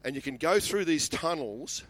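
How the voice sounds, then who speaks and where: A man's voice: a little high, lively intonation, normal speed, a bit bright, soft background music. A middle-aged Australian man preaching a sermon as a pastor, passionate and building in volume when he reads scripture.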